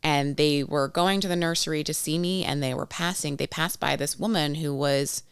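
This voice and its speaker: A woman's voice: deep voice, normal speed, smooth, dry recording, clean studio sound. A woman in her thirties co-hosting a podcast, chatting casually and telling stories with quoted voices. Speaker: podcast co-host. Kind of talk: casual chat.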